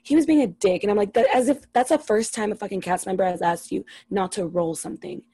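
A woman's voice: medium pitch, lively intonation, quick pace, warm tone, breathy edge, no room sound, poor audio. A young woman co-hosting a podcast, chatting casually and ranting with lots of swearing about a reality show. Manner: profane, exasperated, ranting. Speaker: podcast co-host.

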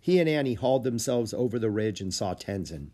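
A man narrating a children's book with lively storytelling. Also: lowish voice, brisk. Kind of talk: audiobook reading of a children's book.

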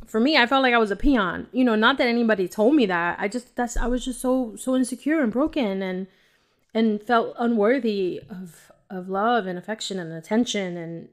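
A woman hosting a podcast, telling her personal faith testimony in an emotional, rambling way and talking straight to her listeners, sometimes dropping to a whisper. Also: a little high. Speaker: podcast host. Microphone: audio-only home recording.

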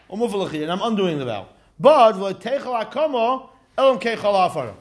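A man teaching a lively study class, explaining step by step with rhetorical questions and acted-out quotes. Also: high voice, a little fast. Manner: animated, asks rhetorical questions, acts out quotes. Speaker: Talmud teacher.

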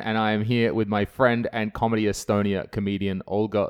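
An Australian man hosts a relaxed podcast conversation, his voice sitting a little low. He talks in a loose, joking and teasing way. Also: a little fast, hardly any pauses, clean tone. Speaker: podcast host. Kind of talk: casual chat.

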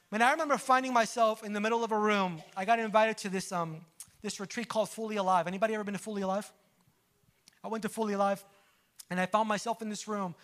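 High-voiced man preaching a lively sermon. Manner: conversational preaching with humorous asides and audience questions. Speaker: pastor.

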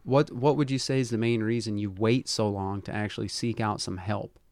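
A man's voice: lowish voice, steady tone, fairly quick, darkish tone, dry recording. A man hosting an interview podcast, mostly giving brief supportive interjections and asking probing questions. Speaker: podcast host. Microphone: studio podcast microphone.

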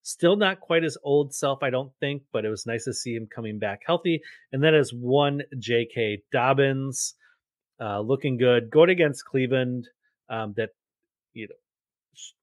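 A man's voice: mid-range voice, moderate pace, dry recording. Laid-back man co-hosting a sports podcast. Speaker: podcast co-host. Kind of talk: casual sports betting chat.

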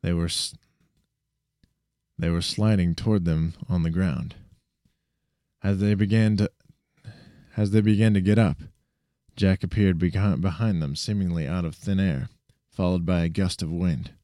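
A man's voice: low-pitched, steady tone, a little slow, long pauses, dark tone, dry recording, studio quality. A man reading an action story aloud, often stumbling and restarting his sentences. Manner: frequent restarts and self-corrections. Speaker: narrator.

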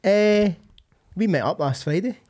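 A man's voice: high-pitched, lively intonation, unhurried, a little mellow. A Scottish man co-hosting a podcast, chatting casually with plenty of swearing and laughter. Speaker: podcast host. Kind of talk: casual chat.

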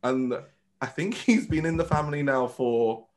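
Campy drag performer, chatty. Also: male voice, mid-range voice, normal speed. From United Kingdom. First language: Vietnamese. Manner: animated, campy storyteller who acts out quotes. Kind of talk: casual interview chat.

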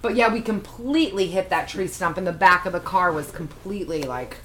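A woman's voice: lowish voice, brisk, fairly bright tone. A woman co-hosting a podcast in casual chat, teasing her co-host and repeating words for emphasis.

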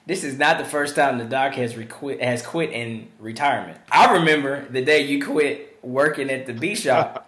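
A man in casual podcast chat with an easygoing manner, sometimes dropping to a low murmur as he recalls things. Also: moderate pace, a bit bright. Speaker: podcast co-host. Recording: roomy, echoey sound.

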